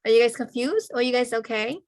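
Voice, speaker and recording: A woman teaching a language class over a video call. She spells out letters and sounds slowly and keeps checking in with "okay?" after nearly every point. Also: fairly high pitch, darkish tone, no room sound. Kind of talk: online language lesson.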